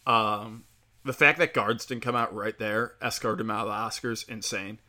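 A man's voice: fairly low pitch, steady tone, normal speed, bright, forceful tone. A man delivering a heated, profane opinion rant, rambling with fillers as he talks.

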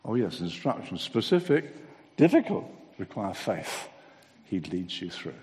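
A man preaching a sermon, acting out little dialogues with lively energy and ending in a gentle altar call. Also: deep voice, a little slow. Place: church hall. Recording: long hall reverb.

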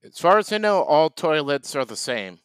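Deadpan man, smooth dry voice. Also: a little high, normal speed, dry recording. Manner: deadpan, playing a food vendor. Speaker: comedy podcast host. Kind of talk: improvised comedy sketch.

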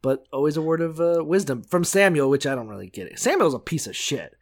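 A man's voice: on the high side, lively intonation, quick pace. A man co-hosting a casual comedic chat, joking animatedly and swearing freely. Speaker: podcast co-host.

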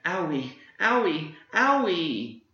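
A man voicing a frightened small boy with wild magic, in a shrill, whiny tone, as a storybook reader. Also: sing-song, takes it slowly, bright, forceful tone, roomy sound, lo-fi sound, full character voice. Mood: sobbing.

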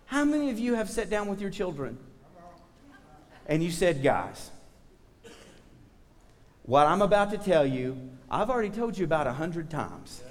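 A man's voice: high voice, sing-song, a little slow, long pauses, long reverb tail. A man preaching a sermon as pastor, talking casually with the congregation and asking them for amens.

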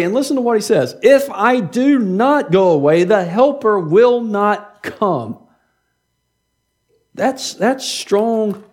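A man's voice: sits high, a little mellow. A middle-aged man preaching a sermon as pastor, in a conversational way, often repeating words and asking "right?".

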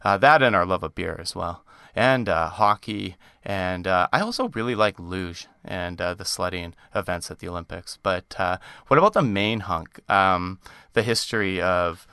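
A man's voice: low-pitched, lively intonation, moderate pace, pushed and bright, clear, resonant tone, no echo. A Canadian man hosting a podcast, chatting casually with lots of fillers. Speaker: podcast host. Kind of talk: casual chat.

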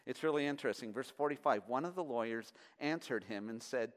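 A man preaching a sermon as pastor. He is impassioned and moves from hushed, low passages to loud, emphatic peaks. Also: animated, normal speed, few pauses.

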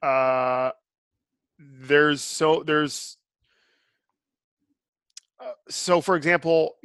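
A man's voice: on the high side, steady tone, drawn-out words, a bit bright, clear, resonant tone, dry recording, studio quality. A man hosting a podcast, giving blunt, opinionated reviews in casual chat. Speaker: podcast host.

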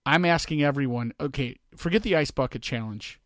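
A man from co-hosting a podcast, riffing excitably in casual chat and jumping up high and loud. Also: brisk, no echo, studio quality. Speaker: podcast co-host.

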